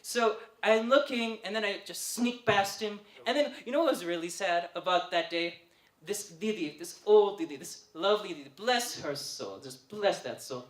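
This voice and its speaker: A young man doing stand-up comedy at an open mic, telling a chatty, animated story and often laughing through his lines. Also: sits high, normal speed, roomy sound. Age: young adult. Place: open mic night venue.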